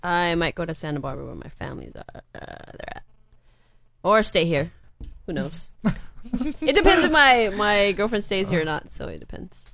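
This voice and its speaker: A woman's voice: on the low side, lively intonation, moderate pace, gravelly, long pauses, a bit bright, no echo. Teasing woman on a radio show. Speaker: guest. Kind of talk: casual radio chat.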